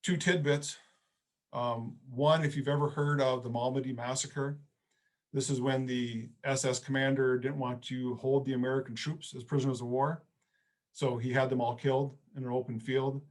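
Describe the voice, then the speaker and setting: A middle-aged man giving a history lecture, chatty and anecdotal rather than formal. He tells the story casually with loose, spoken phrasing. His voice sits at an average pitch for a man. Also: little pitch movement, normal speed. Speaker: history professor.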